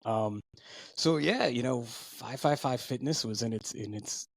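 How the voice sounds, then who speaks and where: Male podcast co-host, mid-pitched, loose rambling storyteller, dry close mic. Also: measured pace, creaky, no echo. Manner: rambling storyteller, lots of fillers and restarts. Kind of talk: casual podcast chat.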